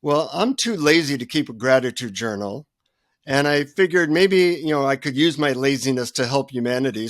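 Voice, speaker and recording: A man who is a guest author, telling humorous, animated stories in a remote interview. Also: medium pitch, no echo, clean studio sound. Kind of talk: storytelling in an interview.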